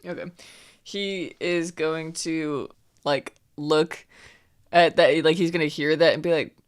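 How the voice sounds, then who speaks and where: A woman's voice: deep voice, fairly even intonation, takes it slowly, clear, resonant tone. A woman playing a tabletop game, chatting in a playful, casual way. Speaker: player. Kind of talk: casual chat.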